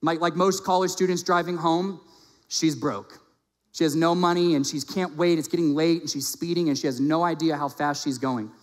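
A man preaching a sermon, telling a story with passion, rising loud on key points and dropping soft and low in the quiet moments. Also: fairly even intonation, moderate pace. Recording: long hall reverb.

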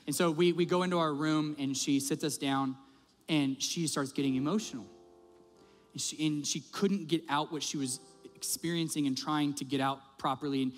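A male pastor preaches in a slightly raised voice, animated and conversational as he tells stories. His voice carries a long hall reverb, with faint music playing underneath. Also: a little high, moderate pace. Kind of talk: sermon. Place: church auditorium.

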